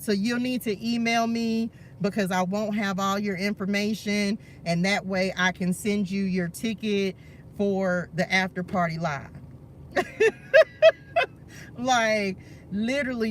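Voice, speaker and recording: A man's voice: high voice, fairly bright tone, a little hiss or hum. A man hosting a spiritual live stream, talking fervently and preachily to his viewers and calling them "y'all".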